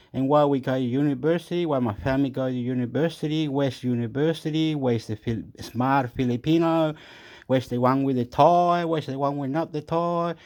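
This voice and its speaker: A man's voice: on the high side, darkish tone. A man hosting his own channel in a rambling casual monologue, full of restarts and unfinished thoughts. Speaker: channel host.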